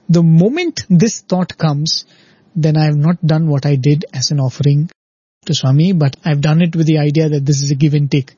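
Earnest male speaker, devotional talk, husky voice, dry lo-fi recording. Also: on the high side, moderate pace, mellow, no room sound. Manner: earnest, explanatory, often ends points with "right?". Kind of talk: spiritual talk. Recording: dull lo-fi recording.

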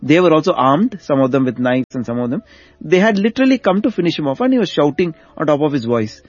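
A man's voice: on the high side, very animated, quick pace, breathy edge, dull audio. A man telling a devotional story in conversation, acting out the lines of the people in it. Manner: acts out dialogue with shifts in voice. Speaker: storyteller guest.

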